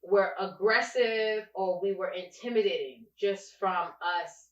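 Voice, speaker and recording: A young adult woman co-hosting a casual podcast, telling stories with animated emphasis. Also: medium pitch, measured pace. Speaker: podcast co-host. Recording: echoey room, distant and dull mic.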